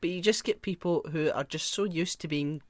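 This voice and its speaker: British man, young, podcast co-host, fairly high voice, dry close sound, animated, sweary storytelling. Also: a little fast, no room sound. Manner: animated storyteller, acts out quarrels, swears freely. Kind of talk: casual chat, anecdote telling.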